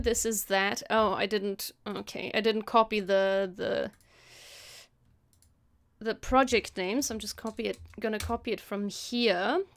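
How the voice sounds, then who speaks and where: A woman's voice: a little high, a bit bright, clean tone. A woman from Germany with a German accent mixed with British English, thinking aloud in a casual live stream as she edits, hesitant and full of self-corrections. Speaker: motion designer and video editor live-streaming her work. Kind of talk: casual live-stream narration while editing.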